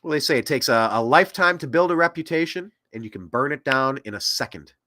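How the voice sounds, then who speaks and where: Animated ranting man, bright voice. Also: mid-range voice, fast talker, dry recording, studio quality. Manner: animated ranting, swings loud and soft. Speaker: host. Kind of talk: opinionated political commentary.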